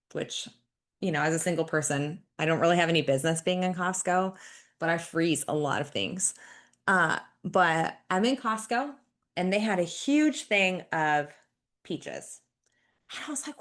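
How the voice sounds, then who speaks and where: A woman podcast host telling personal stories in a chatty, self-deprecating way. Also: lowish voice. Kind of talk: personal storytelling monologue.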